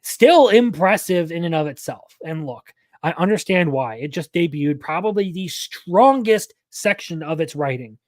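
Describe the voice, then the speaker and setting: A man's voice: fairly high pitch, animated, moderate pace, few pauses, no room sound. A young man hosting a live anime news stream, talking casually and rambling, often correcting himself mid-sentence.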